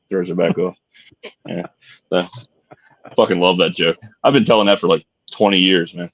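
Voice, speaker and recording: Deep-voiced profane podcast guy. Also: level tone, moderate pace, pauses often, breathy edge. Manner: laid-back and profane, jokey. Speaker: podcast co-host. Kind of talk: casual chat. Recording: dull lo-fi sound.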